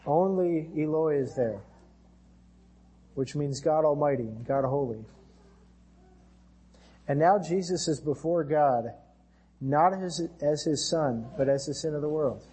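This American pastor delivers his earnest sermon at a measured pace with long pauses, his voice mellow and husky. He is a bit high-pitched and goes higher for scripture passages.

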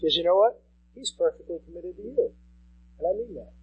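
A man's voice: high-pitched, animated, brisk, phone-quality sound. A man in his thirties preaching a sermon as pastor, conversational and repeating key phrases for emphasis. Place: church sanctuary.

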